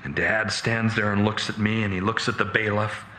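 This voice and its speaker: Animated man telling a sermon story. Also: fairly low pitch, normal speed. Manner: animated, dramatic retelling with restarts. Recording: echoey room.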